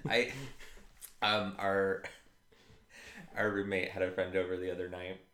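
A man's voice: deep voice, little pitch movement, unhurried, sharp tone, reverberant. A man co-hosting a podcast in a casual chat, making dry, joking asides. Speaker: podcast co-host.

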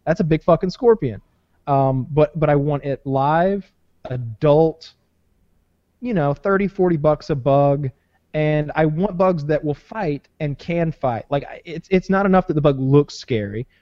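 A man talking loosely on a podcast, swearing freely and circling back on his sentences. His voice is mid-pitched and dry, and the recording is a bit muffled. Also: unhurried, no room sound. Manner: rambling, swears often, many fillers and restarts. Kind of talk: casual profane banter.

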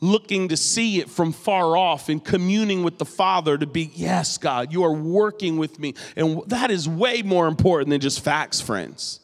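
Preaching in a big hall whose long echo carries his voice, a New England pastor speaks high and bright. His sermon comes across as animated, full of storytelling and humor.

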